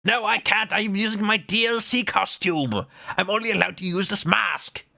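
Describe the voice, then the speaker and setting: A man's voice: high voice, normal speed, creaky, sharp tone, slight background noise, voice pushed up, heavily acted. A man voicing a flamboyant, eccentric male detective in a game let's play, speaking in a lofty, theatrical way. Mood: airy.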